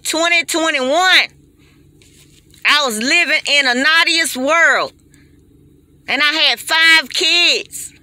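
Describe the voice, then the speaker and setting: A woman's voice: high-pitched, bright, forceful tone, dry recording. A woman, giving an impassioned, preachy monologue straight to her phone. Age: 40s. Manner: preachy, emphatic and repetitive. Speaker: vlogger.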